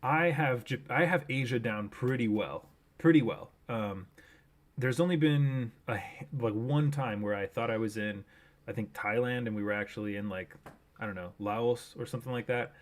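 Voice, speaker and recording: A man's voice: mid-range voice, normal speed. A man streaming a game live, chatting casually and thinking aloud with many fillers and restarts, on a desk microphone at home.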